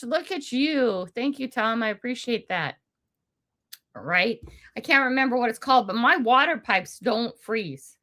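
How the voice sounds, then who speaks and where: A woman's voice: on the high side, pushed and bright. Chatty older woman on a livestream. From United States. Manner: chatty and rambling, laughs often, reads out viewer comments. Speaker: livestream host. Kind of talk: casual live chat with viewers. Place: at home indoors.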